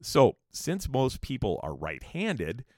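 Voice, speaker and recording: A man's voice: mid-range voice, huge pitch swings, takes it slowly, mellow, no echo, studio quality. An American man telling a travel story in a loose, profane, rambling way, breaking off into rants. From United States. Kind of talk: casual storytelling.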